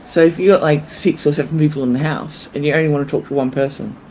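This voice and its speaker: A woman co-hosting a casual chat, telling stories with animated delivery and frequent laughter. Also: sits low, quick pace, a little hiss or hum. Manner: animated storyteller, laughs often. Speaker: co-host.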